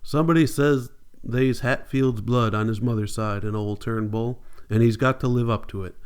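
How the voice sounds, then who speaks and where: A man's voice: mid-range voice, fairly even intonation, normal speed, smooth, natural voice. A man reading as a blunt young parolee. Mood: brooding. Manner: blunt, coarse rural dialect. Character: blunt young male parolee, hungry and brooding.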